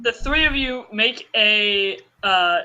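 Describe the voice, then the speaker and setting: A man's voice: sits high, slow, bright, forceful tone, smooth, highs cut off. A man narrating as game master of a tabletop game, loose and rambling, full of "kinda" and "like".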